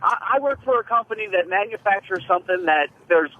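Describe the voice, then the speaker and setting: A man's voice: sits high, lively intonation, brisk, phone-quality sound. A man calling in to a radio show from his car while driving to work, bluntly complaining. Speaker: caller. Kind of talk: phone-in complaint.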